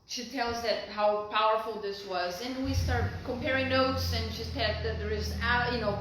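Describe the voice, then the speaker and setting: A woman's voice: a little high, noisy background. A middle-aged woman from Brazil, telling a personal story to camera in a heartfelt, rambling way full of fillers and restarts. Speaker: vlogger. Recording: very echoey room.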